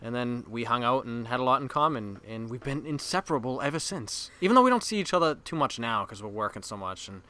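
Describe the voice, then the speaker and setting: A man's voice: mid-range voice, animated, fast talker, few pauses, bright, forceful tone. A man from the Boston area with a Boston accent, co-hosting a casual podcast chat, crude and self-mocking, laughing often. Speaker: podcast co-host. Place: basement room.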